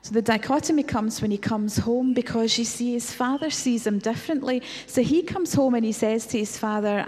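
A woman's voice: a little high, normal speed, hardly any pauses, darkish tone, slightly rough. A woman preaching a reflective sermon, retelling a story with rhetorical questions. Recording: long hall reverb.

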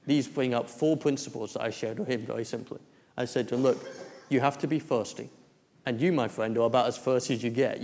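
A man's voice: medium pitch, a little mellow. Man preaching in a hall. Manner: storytelling, with many restarts and fillers. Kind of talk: sermon testimony.

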